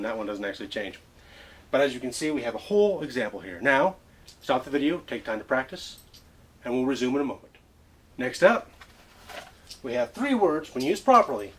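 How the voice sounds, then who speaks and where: A man's voice: mid-range voice, slightly rough. A man hosting a comedic mock lesson, playing a professor in a theatrical, lecturing way.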